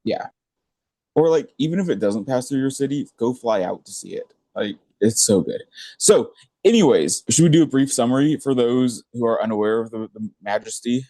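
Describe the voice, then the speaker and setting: A young man co-hosting a podcast, chatting excitedly with lots of filler words. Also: medium pitch, moderate pace, no room sound. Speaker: podcast co-host. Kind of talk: casual chat.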